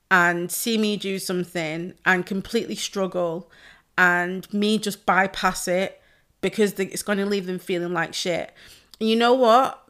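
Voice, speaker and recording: Sweary, effusive woman, low voice. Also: a bit bright, smooth. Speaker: pole dance instructor. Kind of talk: casual podcast chat.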